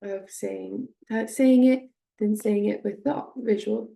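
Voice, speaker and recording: A woman teaching a speech-therapy technique, speaking hesitantly with many fillers and slowly modeling short phrases with strong stress. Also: medium pitch, fairly even intonation, creaky, mellow. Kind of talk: instructional demonstration.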